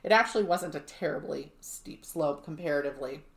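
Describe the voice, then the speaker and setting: A woman with a slightly low voice tells a true mystery on her podcast. She keeps it chatty and throws in wry asides. The room around her sounds roomy and echoey. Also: lively intonation, brisk, gravelly. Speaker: podcast co-host. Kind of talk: casual storytelling podcast.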